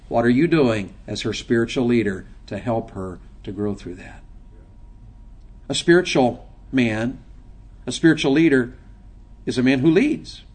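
A middle-aged man preaching a sermon to a men's session. He moves from quiet, probing questions to loud, emphatic, driving delivery. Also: medium pitch, slightly rough.

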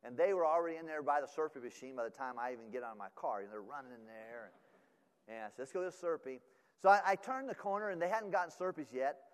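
A man's voice: mid-range voice, fast. A middle-aged man preaching, telling a story with many fillers and restarts and acting out the other voices. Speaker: pastor. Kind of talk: sermon storytelling. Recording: long hall reverb.

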